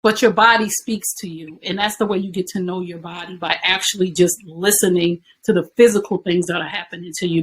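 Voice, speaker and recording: A female guest in a conversational interview explains her points like a teacher, posing rhetorical questions to herself that often end in "right?". Her voice sits on the low side with a breathy edge, and the recording quality is low.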